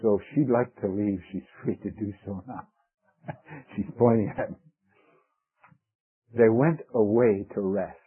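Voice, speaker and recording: A man preaching a sermon in an earnest, emphatic way, swelling on key words and dropping to soft asides. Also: fairly low pitch, measured pace, pauses often, husky. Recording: tinny phone-like lo-fi recording.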